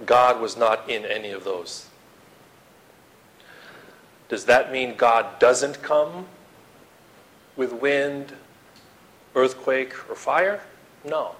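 A man preaching a sermon to his congregation, swinging from loud dramatic outbursts to hushed appeals and acting out the quotes he reads. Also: medium pitch, extremely slow, long pauses, rough recording. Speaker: pastor.

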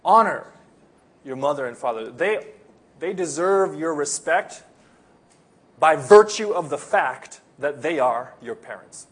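Husky man preaching. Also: on the high side, lively intonation, unhurried. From Philippines. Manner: earnest, conversational preaching. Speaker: pastor. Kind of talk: sermon.

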